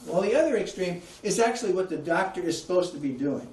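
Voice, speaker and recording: Guy giving a talk to a crowd, kinda high voice, echoey room, mic a bit far off. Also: animated, quick pace, a little mellow. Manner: conversational, asks the audience questions. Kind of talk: public talk to an audience. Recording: echoey room, heard from afar.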